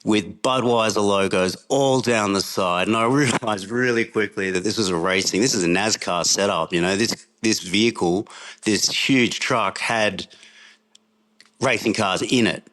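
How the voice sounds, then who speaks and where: A man's voice: fairly low pitch, unhurried, fairly bright tone. A middle-aged Australian man, a podcast guest, telling a rambling travel story in a casual way and laughing often as he goes.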